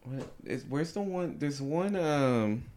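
A man's voice: fairly high pitch, lively intonation, slow pace, a crowd in the background. A man co-hosting a podcast, rambling in casual chat with lots of fillers and laughs. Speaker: podcast co-host.

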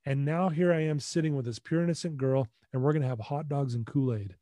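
Animated storytelling man, dark dry voice. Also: mid-range voice, a little fast, dry recording. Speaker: podcast guest. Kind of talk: personal storytelling.

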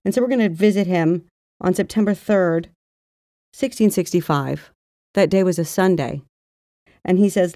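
A woman co-hosts a casual podcast, chatting and reading old diary passages aloud in an even tone. Her voice is low and mellow. The recording is dry and close. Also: normal speed, long pauses, dry recording. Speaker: podcast co-host.

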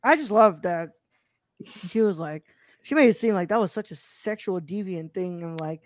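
A woman's voice: fairly low pitch, expressive, moderate pace, no echo. Woman host, casual live chat, rambling and filler-heavy, dry close sound. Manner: laid-back, rambling with many fillers. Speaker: podcast host.

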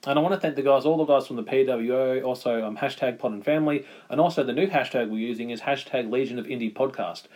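A man's voice: medium pitch, fast talker, few pauses, a little mellow. An Australian man co-hosting a podcast, chatting casually, rambling and correcting himself as he goes. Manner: rambling, self-correcting, says "actually" often. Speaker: podcast co-host.

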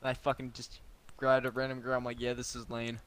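A man's voice: medium pitch, monotone, brisk, a bit bright, smooth. A young man telling crude, boastful stories in casual chat with friends.

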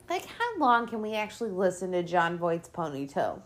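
A woman's voice: mid-range voice, expressive, moderate pace, few pauses, faint music behind. A woman podcast host giving casual movie commentary, swearing a lot and ranting in an exasperated, sarcastic way.

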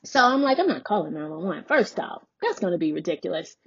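A woman's voice: fairly low pitch, very animated, fast talker, slightly rough, no echo, muffled recording. Candid forty-year-old woman telling a story. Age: 40s. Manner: candid, conversational, acts out quoted dialogue. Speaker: podcast host. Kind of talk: personal storytelling monologue.

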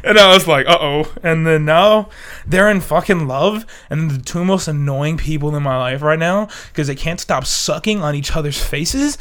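A man's voice: fairly high pitch, normal speed. A young man co-hosting a casual podcast, joking with a lot of swearing and frequent laughter while under the weather. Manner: profane, joking, laughs often. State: sick. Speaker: podcast co-host. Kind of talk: casual chat. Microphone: desk mic.

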